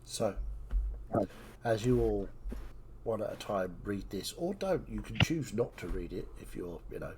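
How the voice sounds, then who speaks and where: A low-pitched man runs a tabletop game, his voice rising and falling a lot as he narrates. He sounds easygoing and loose, with plenty of ums and uhs, over faint background hiss. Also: sing-song, measured pace, long pauses. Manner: easygoing, filler-heavy narration. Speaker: game master.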